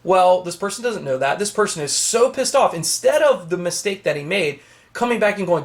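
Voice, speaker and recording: A man's voice: sits high, big pitch swings, a little fast. A young man, a knife collector, ranting to camera from his small home office, heated and emphatic, with swearing.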